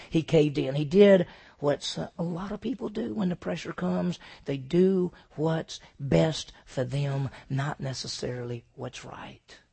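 Guy preaching a sermon, gravelly husky voice, kinda high, goes loud then real quiet. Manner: emphatic preaching with rhetorical questions, swinging from loud to hushed. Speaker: pastor.

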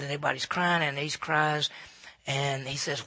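A male pastor preaching a sermon, dramatic, swinging between loud emphasis and hushed near-whispers. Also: medium pitch, fairly even intonation, brisk. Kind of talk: sermon, Bible teaching.

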